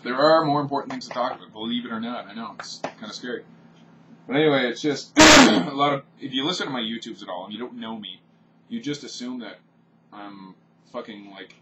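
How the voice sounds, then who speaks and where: A man's voice: medium pitch, expressive, a little fast, heavy background noise. A man from Canada, ranting off the cuff in a blunt, profane vlog monologue. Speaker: vlogger. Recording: distant, dull home-recorded audio.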